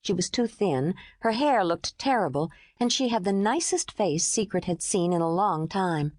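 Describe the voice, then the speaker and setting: A woman narrates a novel in a smooth, storytelling manner. Her voice sits a bit low but rises and falls with lively expression. The studio recording is dry and close. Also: moderate pace, no echo. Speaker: audiobook narrator. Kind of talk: scripted audiobook narration.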